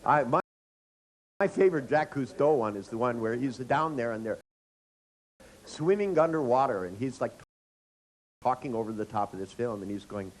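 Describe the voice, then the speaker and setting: A man's voice: mid-range voice, lively intonation, normal speed, a little mellow, low-quality recording. A man performing a profane, ranting stand-up comedy monologue.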